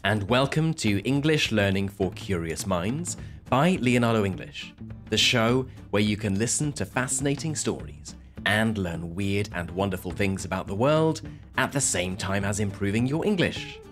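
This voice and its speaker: A man hosting an educational podcast, telling a story in a clear, measured way for learners. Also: on the low side, expressive, fairly bright tone, faint music behind. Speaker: podcast host. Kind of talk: scripted educational narration.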